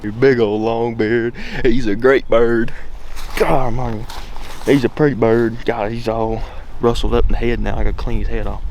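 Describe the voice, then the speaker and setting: A man, talking to viewers in a casual, folksy and excitable way as he films his own hunt outdoors on a mountain. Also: medium pitch, normal speed. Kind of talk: casual outdoor vlog talk. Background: faint wind and outdoor ambience.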